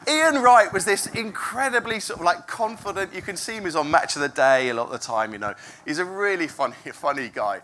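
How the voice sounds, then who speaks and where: A lively preacher speaks to a congregation, the pitch leaping and dipping as the story builds. The voice is bright and forward, the delivery chatty and full of restarts and little laughs. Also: fairly quick, hardly any pauses, slight background noise. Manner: animated, chatty, self-interrupting, laughs often. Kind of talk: informal sermon storytelling. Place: room with a congregation.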